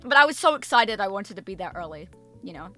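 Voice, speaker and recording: A woman streamer telling a story in a casual chat, animated and emphatic, swearing freely and repeating herself. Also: medium pitch, quick pace, soft background music. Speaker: VTuber streamer.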